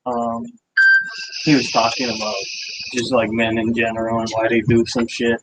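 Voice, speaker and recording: A man's voice: mid-range voice, completely flat delivery, moderate pace. A man co-hosting a podcast in laid-back casual chat, laughing easily and retelling jokes. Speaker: podcast co-host. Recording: noisy background.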